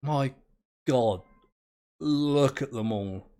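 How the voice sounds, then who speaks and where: A man's voice: medium pitch, extremely slow, warm tone. A man, commentating his own game play in a rambling, self-mocking, easily amused way. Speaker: gameplay commentator.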